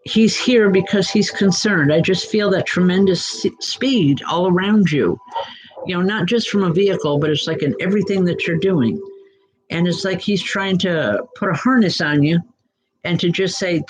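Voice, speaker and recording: Woman, psychic medium, gentle, reassuring, live readings, calls out names, lots of ums. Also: fairly low pitch, moderate pace, low-quality recording. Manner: gentle and reassuring, addresses viewers by name, frequent "um" fillers. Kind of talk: live-streamed spirit readings for viewers.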